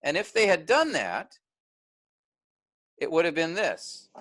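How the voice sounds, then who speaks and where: A man's voice: a little high, huge pitch swings, takes it slowly, a bit bright, rough recording. A man teaching a workshop, explaining step by step and often checking in with "all right?".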